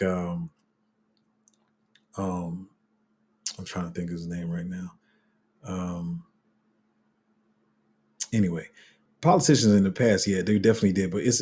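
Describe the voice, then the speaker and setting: Chatty low-voiced host with a husky edge. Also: male voice. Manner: chatty, animated, acts out quotes, trails off and restarts. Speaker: crypto channel host. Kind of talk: casual commentary to viewers.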